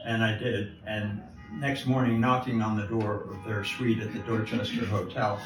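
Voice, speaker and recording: A man's voice: on the low side, flat delivery, moderate pace, over music. Older American man rambling through stories. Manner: rambling storyteller with many restarts and laughs. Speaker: guest jeweler. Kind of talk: telling anecdotes on stage. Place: live event before an audience. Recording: distant echoey room mic, live event.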